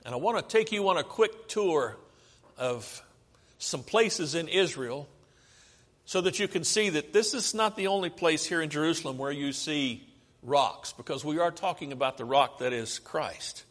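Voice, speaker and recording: An American man preaches a sermon with a long hall reverb around him, his voice on the high side, animated, and a bit bright. Moving at a moderate pace, he talks through slides conversationally and asks the audience questions.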